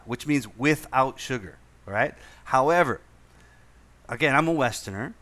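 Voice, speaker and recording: A man's voice: mid-range voice, animated, moderate pace, bright, forceful tone. A man hosting a casual podcast chat, telling a profane anecdote with lots of repeated words and laughter. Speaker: podcast host. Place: lived in Indonesia.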